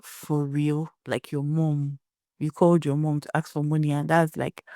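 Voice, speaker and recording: A woman's voice: sits low, little pitch movement, moderate pace, warm tone, no room sound, clean studio sound. A young Nigerian woman hosting a solo podcast, giving blunt opinions and telling stories in a conversational way. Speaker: podcast host.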